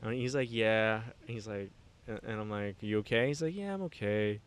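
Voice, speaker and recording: A young man telling a story in casual podcast chat, rambling and animated, with lots of fillers and restarts. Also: fairly low pitch, moderate pace, slight background noise. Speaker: podcast guest.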